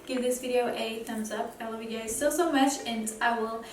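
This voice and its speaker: A woman's voice: fairly high pitch, steady tone, normal speed, slight background noise. A woman vlogger talking casually, earnest and encouraging as she speaks to her viewers. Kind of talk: casual motivational vlog talk. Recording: roomy echo, distant mic, faint music.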